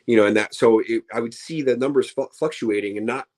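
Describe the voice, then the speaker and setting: A man's voice: medium pitch, fast, a little mellow. A man, a professional wrestler, chatting casually as an interview guest, tired and rambling with many restarts and fillers. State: tired, yawning.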